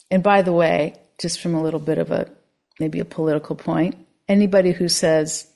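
A woman meditation teacher giving a dharma talk, speaking slowly and softly, at times near a whisper. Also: on the low side, fairly even intonation, creaky. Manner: soft, slow and contemplative, at times near a whisper.

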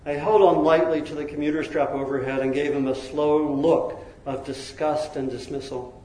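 A man tells a story in an expressive, lively way. His voice is a little high for a man, and the recording has a roomy echo. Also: normal speed. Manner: lively, laughs between lines, expressive. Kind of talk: storytelling narration.

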